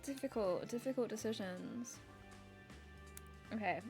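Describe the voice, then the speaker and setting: A woman's voice: medium pitch, moderate pace, soft background music. Chatty English woman streamer. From England. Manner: chatty, swearing, joking asides. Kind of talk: casual game commentary.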